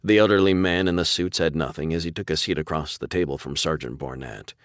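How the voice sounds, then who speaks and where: A man narrating an audiobook in a steady, deliberate storytelling manner. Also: extremely low pitch, no room sound, clean studio sound. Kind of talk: scripted narration.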